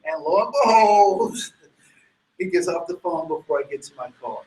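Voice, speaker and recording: High-voiced man telling an animated story. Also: moderate pace, rough recording. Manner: animated, stammering restarts, sudden loud bursts. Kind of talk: personal story told to a live audience.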